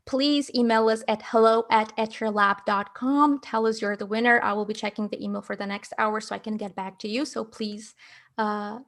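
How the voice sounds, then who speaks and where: A fairly high-voiced woman hosts a live art stream in a bright, chatty manner. She plugs courses and runs a giveaway in a casual way, with a gravelly edge at the ends of her phrases. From Canada. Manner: upbeat, chatty, promotional. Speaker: livestream host.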